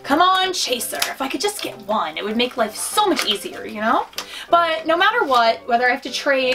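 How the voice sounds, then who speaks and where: A woman's voice: sits high, sharp tone. A young woman chatting casually to her viewers while unboxing collectible pins, rambling with fillers and restarts. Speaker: vlogger.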